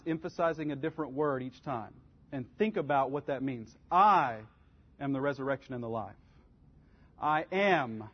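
A man teaching a Bible study class in an earnest, conversational way, giving step-by-step advice. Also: a little high. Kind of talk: practical church class teaching. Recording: dull lo-fi recording.

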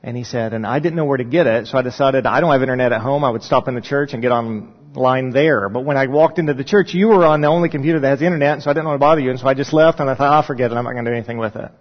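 A man, a pastor, telling a personal story in a sermon with animated, rising emphasis when he recounts his prayers. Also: mid-range voice, rapid-fire, few pauses. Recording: dull sound with long reverb in a large hall.

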